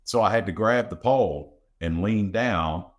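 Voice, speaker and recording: A man with a very low, deep voice talks casually on a podcast about being a dad. He tells stories from home and slips into his kids' voices and his own as he quotes them. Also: unhurried. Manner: anecdotal, acts out his family's voices in quotes. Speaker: podcast co-host and father.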